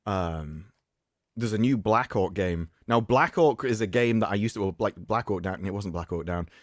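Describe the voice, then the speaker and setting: A man's voice: lowish voice, normal speed, no room sound, clean studio sound. A man co-hosting a live stream, rambling and opinionated in casual chat. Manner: rambling, opinionated, frequent restarts. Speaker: stream co-host.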